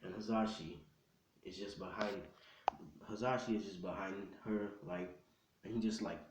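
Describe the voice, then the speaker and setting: Brief: young male storyteller, low-ish voice, slangy and rambling, roomy echo. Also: fairly even intonation, moderate pace, noisy background. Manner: rambling, slangy, full of fillers. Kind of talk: casual fan-fiction storytelling. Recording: echoey room.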